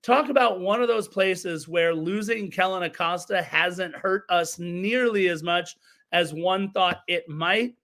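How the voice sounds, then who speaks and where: A fairly high-pitched man hosting a soccer podcast, talking through a match recap with eager energy. He breaks off to correct himself and answer live chat. His delivery is casual and animated. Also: a little slow. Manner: enthusiastic, self-correcting, chatty asides to chat and co-hosts. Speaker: podcast host.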